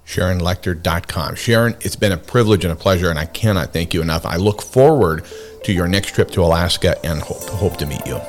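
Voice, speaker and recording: A man's voice: low voice, brisk, soft background music. A man hosting a radio show, talking in a chatty, candid and enthusiastic way. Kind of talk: casual radio talk.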